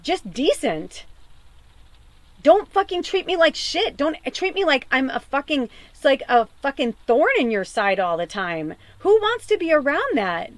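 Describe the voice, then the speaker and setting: Fed-up woman podcaster venting, swears a lot, kinda high voice, dry close sound. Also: big pitch swings, a little slow, dry recording. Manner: raw and tearful. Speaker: podcast host and medium. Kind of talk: emotional personal monologue.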